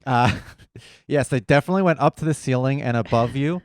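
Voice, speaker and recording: A man co-hosting a podcast, speaking at a middle pitch in a dry, close recording. He chats casually and delivers his jokes in a matter-of-fact way. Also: fairly quick, no room sound. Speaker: podcast co-host. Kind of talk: casual chat.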